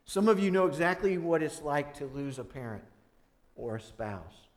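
High-voiced man preaching with rising passion. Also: moderate pace. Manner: animated, rising loud when acting out prayers and dialogue, dropping soft for grief. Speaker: pastor. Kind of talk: sermon.

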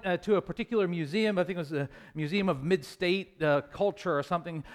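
A man as pastor preaching a sermon in a church, earnest, swelling louder when he quotes scripture. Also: high voice.

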